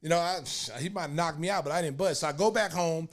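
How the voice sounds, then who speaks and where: Male podcast host in his fifties, from Oklahoma, slightly raised pitch, lively rambling storyteller. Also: fast talker. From Oklahoma, United States. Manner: animated, rambling storyteller with many fillers and restarts. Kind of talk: casual storytelling.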